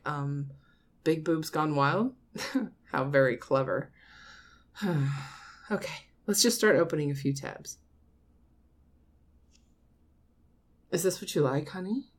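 A woman playing a soft, doting mother. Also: low voice. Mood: insistent teasing. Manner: soft, coaxing, slow, with frequent nervous laughs. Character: doting middle-aged mother talking to her grown son. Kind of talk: audio role-play.

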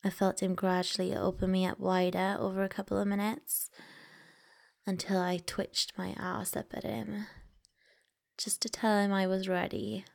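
A woman reading a first-person story aloud in a soft, intimate whisper. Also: mid-range voice, level tone, normal speed, vocal fry.

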